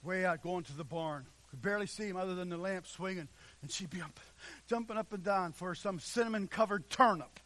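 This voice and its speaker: Bright, high-voiced man preaching a sermon. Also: a little fast. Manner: impassioned preaching, swinging between loud and hushed. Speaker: pastor. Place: church sanctuary.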